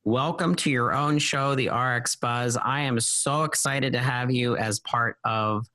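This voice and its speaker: Rich: An enthusiastic man hosting a podcast, effusive in his welcome. His voice sits at an ordinary pitch for a man. The recording is close and dry. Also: measured pace, sharp tone, dry recording. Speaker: podcast network host. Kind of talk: podcast interview.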